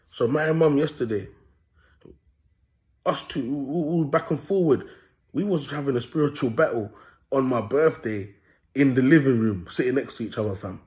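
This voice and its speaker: A man's voice: medium pitch, darkish tone. Young male vlogger, casual slangy monologue, boastful, repeats himself.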